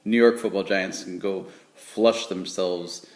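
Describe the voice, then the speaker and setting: A man's voice: deep voice, steady tone, slow, darkish tone. A man casually chatting through sports picks, rambling and joking with many fillers. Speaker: sports vlogger making game picks. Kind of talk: casual chat. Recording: echoey room.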